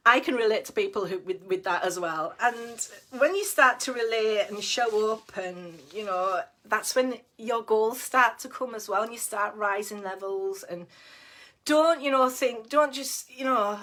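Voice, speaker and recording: A woman's voice: fairly high pitch, a little slow, pushed and bright. A middle-aged woman giving a casual, blunt motivational talk as a team leader, chatty and down-to-earth with frequent laughs. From United Kingdom. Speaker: network marketing team leader.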